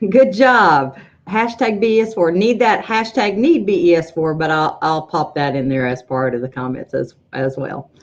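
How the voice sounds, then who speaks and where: Woman, livestream host, low voice, chatty and rambling, lots of ums, dull lo-fi sound. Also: moderate pace. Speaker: host of a live sewing software show. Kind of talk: casual livestream chat greeting viewers.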